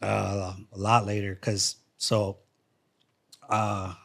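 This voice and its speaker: Relaxed low-voiced man. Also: very slow, creaky. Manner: relaxed, frequent restarts and repeated words. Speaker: guest, former fighter and coach. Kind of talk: casual interview storytelling. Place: podcast studio.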